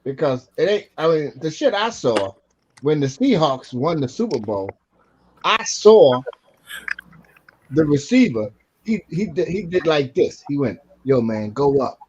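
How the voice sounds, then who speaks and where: A man's voice: fairly high pitch, very animated, unhurried, pauses often, a little mellow. A man in a casual live chat who talks in a laid-back, rambling, colloquial way. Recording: dull, muffled audio with faint noise.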